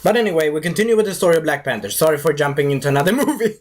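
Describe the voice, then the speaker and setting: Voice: medium pitch, lively intonation, rapid-fire, slight background noise. A movie reviewer talking in a casual, rambling way, drifting off topic and breaking into silly voices.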